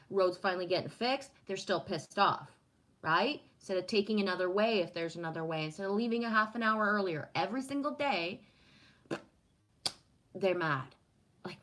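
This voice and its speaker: A woman's voice: mid-range voice, a bit bright, poor audio. A woman from Canada chatting casually on a livestream, rambling and swearing freely while reading and answering comments. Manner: profane, rambling, talks to chat. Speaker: livestream host.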